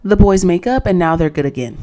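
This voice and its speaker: A woman delivers a casual, sassy recap of a reality dating show, acting out cast quotes with rising pitch. Her voice is expressive and mellow, and she talks fairly quickly.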